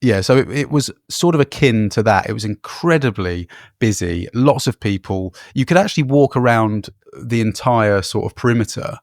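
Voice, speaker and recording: Male podcast co-host, gravelly voice, dry close sound, rambling anecdotal delivery. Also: fairly low pitch, expressive, normal speed, hardly any pauses, dry recording. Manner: rambling anecdotes with frequent fillers and laughs. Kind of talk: casual travel storytelling.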